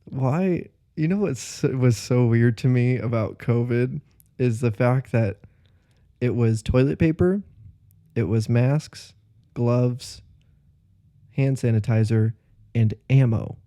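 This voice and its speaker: A young man co-hosting a podcast in relaxed chat, laughing often and drifting into jokes. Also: medium pitch, slow, long pauses, no room sound, studio quality. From United States. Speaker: podcast co-host. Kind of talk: casual chat.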